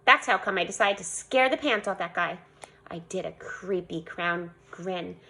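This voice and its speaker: A woman reading a children's storybook aloud in an animated way. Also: lowish voice, moderate pace, creaky. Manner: animated, voicing a young girl narrator. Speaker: reader.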